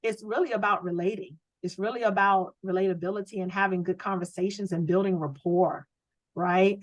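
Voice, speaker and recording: An energetic woman leads a sales training from her home office over a video call. Her voice sits at a middle pitch and comes through close and dry. She coaches with a preachy, rallying push and keeps asking her listeners rhetorical questions. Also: fairly quick, no room sound, low-quality recording.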